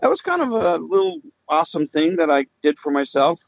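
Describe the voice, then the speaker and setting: A man's voice: on the high side, big pitch swings, brisk, gravelly, no echo, dull audio. A man telling loose, rambling anecdotes as a guest in a casual podcast chat. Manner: rambling, loose, with frequent fillers. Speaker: guest storyteller.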